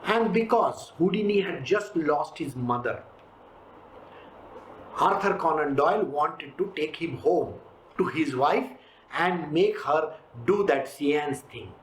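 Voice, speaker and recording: An emphatic spiritual teacher lectures on scripture and presses listeners with rhetorical questions. The voice sits in a roomy space with a clear echo, and a faint hiss runs underneath. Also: mid-range voice, expressive, slow.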